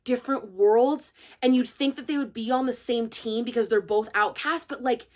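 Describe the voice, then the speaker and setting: A young woman who hosts a book channel, chatting casually and excitedly to her viewers. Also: fairly high pitch, normal speed. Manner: gushing and chatty, full of fillers. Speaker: book reviewer and channel host. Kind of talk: casual chat to camera.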